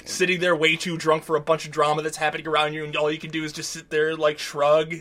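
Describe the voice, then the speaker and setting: A man's voice: on the high side, completely flat delivery, fast talker, pushed and bright. A man co-hosting a podcast, recapping a show in casual, profane, rambling chat and acting out quotes. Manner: rambling, profane, acts out quotes in silly voices. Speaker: podcast co-host.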